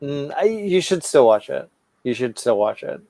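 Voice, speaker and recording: A man's voice: mid-range voice, big pitch swings, moderate pace, creaky, dark tone, no echo. A man co-hosting a casual podcast chat, rambling and swearing a lot, stoned and stumbling over his words. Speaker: podcast co-host.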